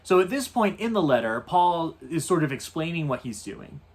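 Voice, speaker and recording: A man leading a Bible study as a priest, in a relaxed, thoughtful, conversational teaching manner. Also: on the high side, moderate pace. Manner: relaxed, thoughtful, with "you know" asides.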